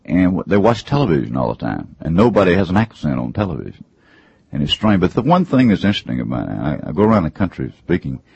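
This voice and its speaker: A man with a deep, husky Southern drawl, telling folksy, joking stories with an easy storyteller's timing. The recording is dry and a little muffled, like a studio interview. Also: darkish tone, no room sound. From Georgia, US South. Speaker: columnist and speaker.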